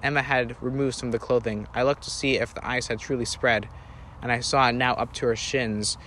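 A man's voice: mid-range voice, steady tone, brisk, pushed and bright, a little hiss or hum. A man reading a first-person story aloud, earnest and plain, sometimes correcting himself.

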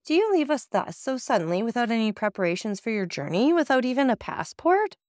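A woman's voice: fairly high pitch, sing-song, brisk, darkish tone, no echo, clean studio sound, voice pushed up. A woman reading the lines of an affectionate, anxious young wife in an audiobook, earnest and pleading.

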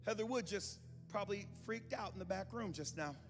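A man pastor preaching a sermon in a church, moving from calm talk to impassioned shouting, with joking asides. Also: high-pitched, fairly quick. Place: church sanctuary. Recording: reverberant hall with music behind.

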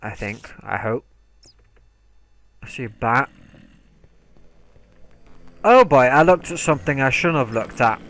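A man's voice: mid-range voice, animated, a little slow, long pauses, fairly bright tone. A young man giving let's play commentary, talking to himself and yelping when startled. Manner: jumpy, talks to himself, yelps when startled. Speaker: gaming commentator.

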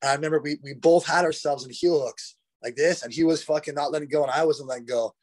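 A man, a podcast guest, talks in a slightly high voice. He tells stories in a loose, rambling way, with plenty of swearing and a lot of "bro" and "dude". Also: quick pace, darkish tone. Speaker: guest, retired fighter. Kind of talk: casual storytelling. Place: podcast conversation.

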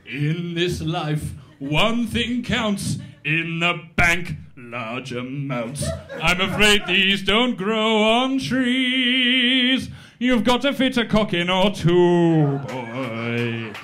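A man playing a crafty old gang leader in a slow, drawling, sly, half-sung voice. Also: high voice, sing-song, pushed and bright, full character voice. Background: audience laughter.

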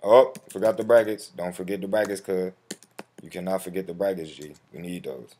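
Man, very low voice, relaxed street-slang delivery, walks viewers through a form over keyboard clicks. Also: a little fast, a little hiss or hum. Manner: slangy, addresses viewer as bro; profane when flustered. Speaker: tutorial host. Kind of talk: casual screen-recorded walkthrough. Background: keyboard typing and mouse clicks.

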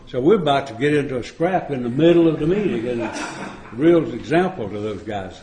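A man's voice: medium pitch, lively intonation, normal speed, few pauses, warm tone. A man speaking at a recovery retreat, telling stories in a folksy, joking way and chuckling often. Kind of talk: storytelling recovery talk. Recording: echoey room.

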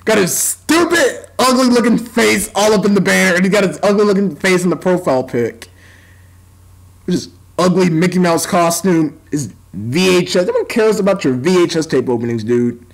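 American man youtuber, high voice, scornful insulting rant. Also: expressive, moderate pace, gravelly, poor audio. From United States. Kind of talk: ranting reaction vlog.

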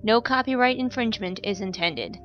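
A woman reading her own fan fiction aloud in a calm, even storytelling voice. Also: mid-range voice, a little fast, highs cut off. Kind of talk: narrated audiobook-style reading. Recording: music playing behind the voice. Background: background music.

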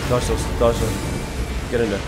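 A young man streaming a video game, narrating his play with exasperated mutters that break into loud outbursts, game music behind him. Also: mid-range voice, flat delivery, normal speed. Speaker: gaming streamer. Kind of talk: live gameplay commentary.

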